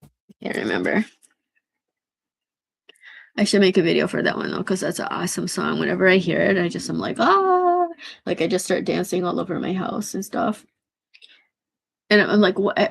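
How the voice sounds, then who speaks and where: Hoarse gravelly woman rambling on a live stream. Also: mid-range voice, fast. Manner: scattered, chatty, swears freely. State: hoarse, losing her voice.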